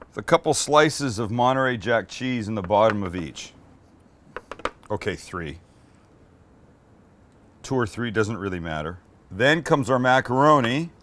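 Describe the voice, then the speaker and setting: A man's voice: medium pitch, fairly bright tone. Chatty man hosting a cooking show. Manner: chatty, joking, teases his crew. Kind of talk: casual cooking demonstration.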